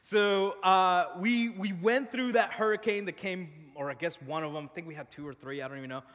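Pastor, male, casual and animated; crisp, slightly high voice with a long church-hall echo. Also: a little fast. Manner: casual, animated, laughing often. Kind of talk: sermon with personal storytelling. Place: church stage.

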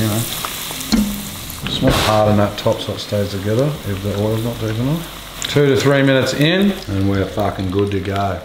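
A man's voice: on the low side, normal speed, roomy sound, background noise. An Australian man hosting a casual cooking show, joking crudely and swearing constantly as he cooks in a kitchen. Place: home kitchen.

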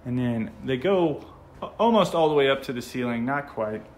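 A man's voice: mid-range voice, animated, normal speed, slight background noise. An American man with a casual, enthusiastic manner, narrating a walkthrough of a model home as he films it. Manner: enthusiastic, gushing. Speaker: home tour vlogger.

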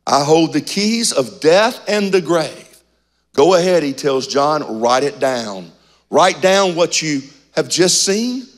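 A man preaching a sermon as pastor, slow and emphatic, with dramatic pauses and some lines dropped almost to a whisper. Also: fairly high pitch.

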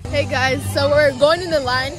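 A woman's voice: high voice, fairly even intonation, moderate pace, rough recording. A teenage girl vlogging to her phone, chatting to the camera while waiting in line outdoors. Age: teens. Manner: chatty, addressing the camera as "guys". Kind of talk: casual vlog chat. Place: outdoors in a crowded line at a haunted house. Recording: loud crowd and street noise.

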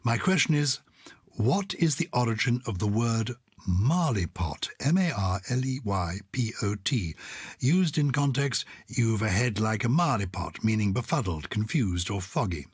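A man's voice: lowish voice, big pitch swings, measured pace, husky, dry recording, studio quality. An older man co-hosting a podcast, speaking in a theatrical, exuberant way. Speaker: podcast co-host. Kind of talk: casual chat.

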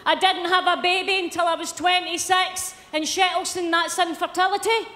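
A middle-aged Glaswegian Scottish woman doing a brash live stand-up routine and shouting punchlines to a big crowd in an arena. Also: extremely high pitch, fairly even intonation, moderate pace, heavy background noise. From Scotland. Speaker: stand-up comedian. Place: large arena, live charity concert. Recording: echoey arena with loud crowd.

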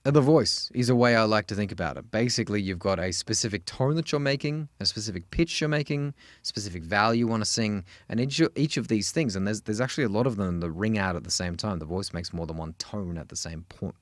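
A man with an Australian accent teaching a singing lesson, chatty and animated, breaking into sung examples. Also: no echo. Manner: chatty, animated, jumps into high sung demos. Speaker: vocal coach.

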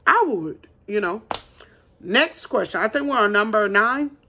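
A woman's voice: mid-range voice, lively intonation, unhurried, pushed and bright. A woman running her own small business, hosting a casual advice vlog and talking bluntly and emphatically straight to her viewers.

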